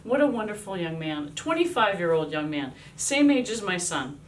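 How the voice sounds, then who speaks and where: Lively woman chaplain telling a story. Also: lowish voice, normal speed, distant mic, slight background noise. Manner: lively, acts out quoted voices. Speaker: army chaplain. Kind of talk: devotional storytelling.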